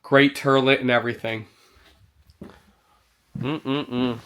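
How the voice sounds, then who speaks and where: A man's voice: medium pitch, flat delivery, slow pace, a bit bright, slight background noise. A man touring an indoor RV show, giving an enthusiastic walkthrough and exclaiming over features. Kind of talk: walkthrough vlog.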